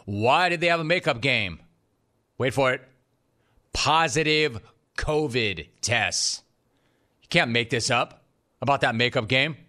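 A medium-pitched man hosts a sports talk show from a studio, delivering an energetic, sarcastic monologue sprinkled with jokey asides.

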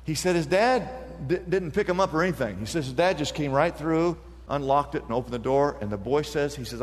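A man's voice: on the high side, fairly quick, hardly any pauses, big-room sound. A male pastor preaching an impassioned sermon, building each point to a repeated refrain.

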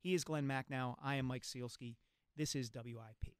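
A man hosting a sports talk radio show, articulate and brisk, on a studio microphone. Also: medium pitch, steady tone, clear, resonant tone, dry recording.

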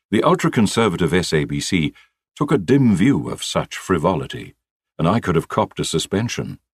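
Husky, deep-voiced storyteller. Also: male voice, no room sound. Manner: wry, dry humour. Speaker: former radio broadcaster. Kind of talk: memoir storytelling.

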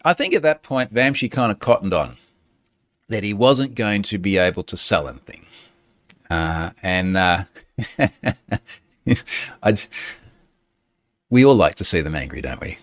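A man hosting a show in casual chat, sardonic and animated and often breaking into laughter. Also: deep voice, unhurried, pauses often, no room sound, studio quality.

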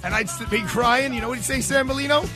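A man's voice: very high voice, quick pace, over music. A man hosting a radio talk show, boisterous, jokey and theatrical. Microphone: studio microphone.

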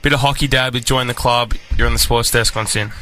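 A young Australian man co-hosting a casual sports radio show in a studio, teasing and relaxed. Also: mid-range voice, brisk, faint music behind. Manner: relaxed, teasing banter with fillers. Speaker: co-host.

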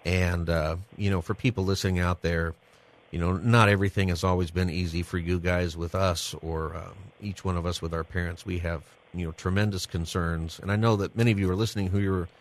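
Deep-voiced radio host, conversational. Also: male voice, steady tone, fairly quick. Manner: conversational and heartfelt, chuckling often. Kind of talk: live radio interview.

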